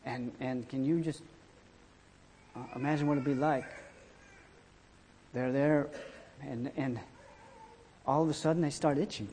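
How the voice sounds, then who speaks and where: A man's voice: medium pitch, fairly even intonation, normal speed, long pauses, mellow, a little hiss or hum. Man dramatically retelling a Bible story. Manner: dramatic, emphatic reading of archaic scripture. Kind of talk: storytelling with scripture reading.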